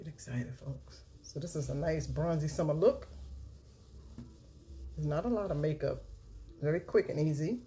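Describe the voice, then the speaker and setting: A woman talking casually through a makeup tutorial, chatty and unhurried, now and then chanting a catchphrase. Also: deep voice, warm tone, a little hiss or hum. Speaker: beauty vlogger.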